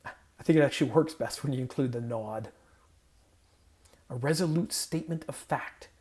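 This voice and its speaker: Male pastor, medium pitch, mellow tone; conversational, playful sermon with self-corrections. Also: moderate pace. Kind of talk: casual sermon with scripture reading. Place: home guest room.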